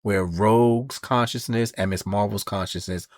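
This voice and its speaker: Man, podcast host, casual comic recap, voices the characters' lines in passing, low voice, dry close sound. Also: fairly even intonation, moderate pace, no echo. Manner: storytelling, acts out characters' lines in quotes.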